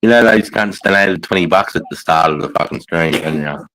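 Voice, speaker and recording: Sweary low-voiced Australian bloke. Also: male voice, a little fast, pushed and bright, slight background noise, rough recording. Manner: profane, storytelling, quotes mates' lines. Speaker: livestream host. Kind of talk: casual chat.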